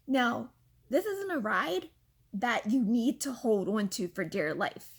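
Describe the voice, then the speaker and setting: A woman in her thirties casually telling a story from her own life, animated and exasperated, with lots of fillers. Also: a little high, slow, breathy edge. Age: 30s. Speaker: vlogger.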